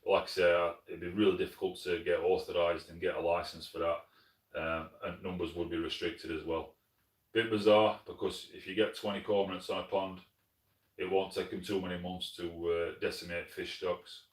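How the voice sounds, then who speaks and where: Deep and low-voiced, a friendly hunting channel host from Sheffield, South Yorkshire, reads through viewer comments on a live stream at normal speed and in a level tone. He's plain-spoken and keeps calling people mate. He sits well back from the mic in an echoey room.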